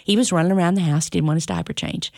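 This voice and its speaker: Give me a grandmother in her fifties telling lively stories, with a rough, low voice. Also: racing, no room sound, studio quality. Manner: animated, acts out family dialogue in lively voices; self-described sarcastic, chatty. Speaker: parenting workshop guest. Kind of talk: storytelling interview chat.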